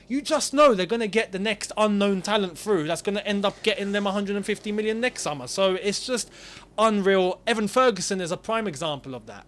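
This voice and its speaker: A man co-hosting a casual football chat, giving measured, thoughtful opinions. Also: on the high side, a bit bright. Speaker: football podcast co-host.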